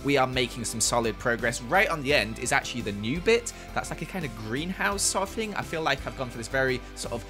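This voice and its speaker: Bright-voiced chatty young man. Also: mid-range voice, fast talker, few pauses, faint music behind. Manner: chatty and excitable, exclaims a lot. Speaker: gaming YouTuber. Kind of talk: casual gameplay commentary.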